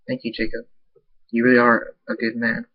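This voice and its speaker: A man's voice: medium pitch, completely flat delivery, normal speed, slightly rough, no room sound, lightly acted. A man reading the lines of a sad, lonely female pony princess in a plain voice. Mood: grateful. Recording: dull lo-fi dry recording.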